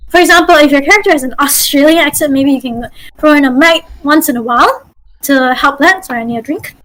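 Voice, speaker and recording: A woman's voice: sits high, a bit bright, poor audio. A woman game master giving a chatty online voice-acting workshop over a video call. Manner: chatty, with apologies and restarts.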